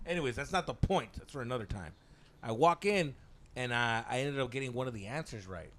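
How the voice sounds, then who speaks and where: A man's voice: medium pitch, animated, brisk, fairly bright tone. A young man co-hosting a podcast, telling rambling, profane stories in casual chat and dropping Spanish slang as he acts out other people's lines. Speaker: podcast co-host.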